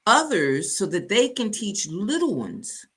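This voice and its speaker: A woman's voice: mid-range voice, big pitch swings, unhurried, a bit bright, slight background noise. A woman co-hosting a live online talk show, chatting animatedly, repeating phrases and acting out quoted people. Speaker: co-host.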